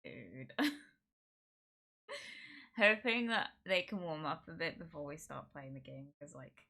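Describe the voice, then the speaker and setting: A woman's voice: deep voice, lively intonation, a little slow, vocal fry, bright, forceful tone. A woman livestreamer chatting casually indoors at home, rambling and giggling often. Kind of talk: casual stream chat.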